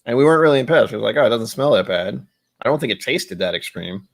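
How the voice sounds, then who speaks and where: The gravelly, animated voice of a young American man comes at a quick pace and medium pitch. Tasting whiskey on a laid-back live stream, he rambles, cuts himself off and keeps putting on playful voices.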